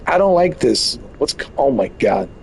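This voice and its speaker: A man's voice: medium pitch, sing-song, moderate pace, gravelly, a little hiss or hum, poor audio. A man giving casual, joking live commentary on a flight game from his bedroom, full of exaggerated mock complaints. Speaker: game streamer. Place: bedroom at home.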